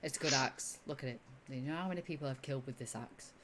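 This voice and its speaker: A woman voicing a boastful female warrior who shows off her great axe, in a low, flat, deadpan tone. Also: fairly quick, a little hiss or hum, natural voice.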